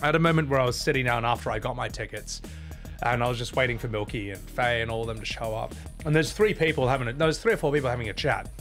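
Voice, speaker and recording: A man in a casual vlog, telling a trip story in an animated way, swearing freely. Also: mid-range voice, fast, faint music behind. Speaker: vlogger.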